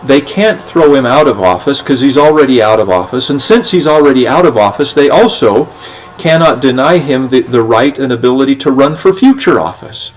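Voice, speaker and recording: A man's voice: mid-range voice, animated, normal speed, poor audio. A man hosting a podcast, reading legal documents aloud and explaining them in plain terms, with many fillers and restarts. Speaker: podcast host.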